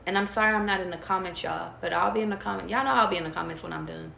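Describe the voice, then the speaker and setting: Very fast and forceful, this woman's fairly low, creaky voice still has a bright edge. She's a tarot reader delivering a blunt, profane, casual spiritual pep talk to viewers, using repetition to hammer her points home. The sound is echoey, as if in a large room, with a faint hiss beneath it.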